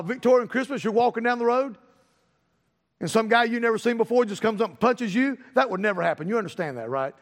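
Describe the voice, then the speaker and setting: Guy preaching, really high voice, keeps repeating himself and gets loud on the big lines. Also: long reverb tail. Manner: preacherly, repeats phrases, rises to loud emphatic peaks. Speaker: pastor. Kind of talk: sermon.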